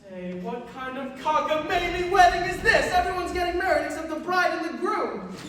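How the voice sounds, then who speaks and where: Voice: very high-pitched, big pitch swings, a bit bright, exaggerated voice. A student actor playing a brash, nervous older male producer who complains of a weak heart, on a school stage. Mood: exasperated. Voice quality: brash, fast, exasperated. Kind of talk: live stage acting. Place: large school auditorium stage. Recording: echoey hall from far off.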